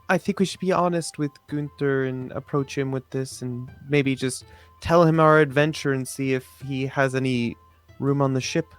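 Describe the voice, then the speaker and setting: Relaxed man playing a tabletop game. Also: medium pitch. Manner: relaxed, hesitant. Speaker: player. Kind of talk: casual chat in a tabletop game.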